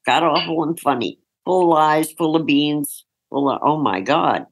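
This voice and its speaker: A woman's voice: low-pitched, moderate pace, poor audio. A woman journalist telling a field story frankly in an interview, laughing now and then as she speaks. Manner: breaks into laughter while recounting, vivid and frank. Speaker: journalist recalling a field assignment.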